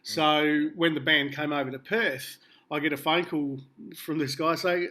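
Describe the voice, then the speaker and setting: A man's voice: a little high, steady tone, measured pace, pushed and bright. An Australian man being interviewed, telling rambling anecdotes with a laugh. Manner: rambling, laughing storyteller with many fillers. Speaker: musician guest.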